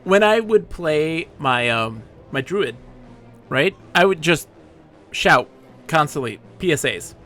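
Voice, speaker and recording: A man's voice: on the high side, lively intonation, slow, sharp tone, soft background music. A man streaming a game live, chatting and joking in character with playful, mock-dramatic rants.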